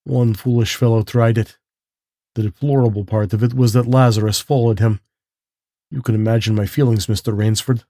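A man's voice: steady tone, moderate pace, dark tone, no echo, clean studio sound, lightly acted. A man putting on a silky, courtly aristocrat hunter. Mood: silkily menacing. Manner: polished and genteel, with a lift in pitch. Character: suave courtly aristocratic male hunter, menacing.

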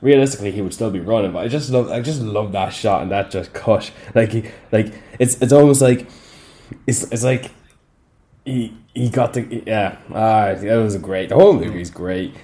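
A man's voice: on the low side, moderate pace, mellow. A young man co-hosting a film podcast, talking casually and a bit hesitantly. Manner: hesitant, many fillers and restarts. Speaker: podcast co-host.

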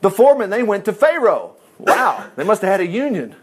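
A man reading scripture aloud and breaking in with animated, exclamatory asides, teaching a Bible lesson. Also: high voice, brisk, slightly rough.

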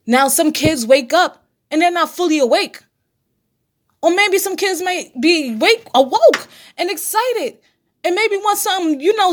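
A woman's voice: very high-pitched, fairly bright tone. A woman hosting her own casual podcast, talking straight to her listeners in a blunt, preachy, profane manner. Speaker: podcast host. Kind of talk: casual solo podcast monologue.

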